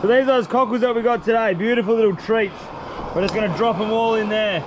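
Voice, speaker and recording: A man's voice: high voice, fast. A young Australian man chatting casually to camera in laid-back slang by a windy roadside. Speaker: outdoor vlogger. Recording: outdoor wind and passing traffic noise.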